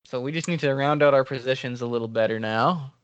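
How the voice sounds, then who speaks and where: A man co-hosting a casual fantasy sports podcast, reacting quickly in an easygoing way with short laughs. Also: mid-range voice, no echo, lo-fi sound. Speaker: podcast co-host. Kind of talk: casual fantasy draft chat.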